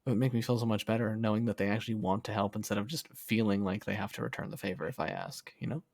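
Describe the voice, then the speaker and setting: A young man chatting casually on a livestream, reading comments in a soft, affectionate way and laughing often. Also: on the low side, racing, gravelly, dry recording, studio quality. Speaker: streamer.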